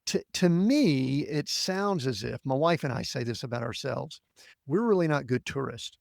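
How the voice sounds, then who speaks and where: A man's voice: mid-range voice, lively intonation, moderate pace, vocal fry, dry recording, studio quality. A man hosting a podcast interview, reflecting on and paraphrasing what his guest says. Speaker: podcast host. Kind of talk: interview conversation.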